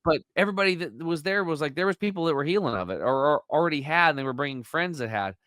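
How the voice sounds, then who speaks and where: A man's voice: a little high, expressive, quick pace, a bit bright, no room sound. A man talking as a podcast guest, telling his story and acting out quoted dialogue with animation. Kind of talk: conversational storytelling.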